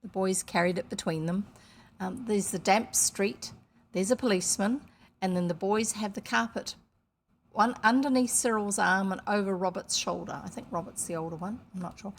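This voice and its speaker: A woman's voice: mid-range voice, moderate pace, creaky, a little hiss or hum. A woman from New Zealand reading a children's novel aloud, breaking off for casual asides describing the pictures. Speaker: storybook reader.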